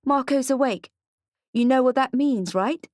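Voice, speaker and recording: A brisk female surgeon with crisp, clipped diction, as a woman narrator puts her on. She sits higher than the reader's own voice and sounds upbeat and encouraging. The audiobook recording is dry and close. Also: darkish tone, no room sound. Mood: coaxing.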